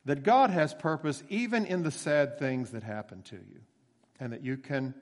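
A male pastor preaching with a lively, swooping delivery, his voice pitched a little high for a man. He drives home key words with sudden loud emphasis and then drops back to quieter asides. A long reverb from a large hall trails after each phrase. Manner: emphatic preaching with dramatic pauses and rising emphasis. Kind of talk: sermon.

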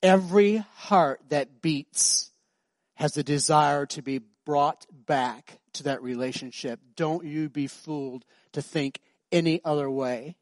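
Male pastor, sermon; fairly high voice, dry sound, storytelling that swells to loud emphasis. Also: slow, no room sound.

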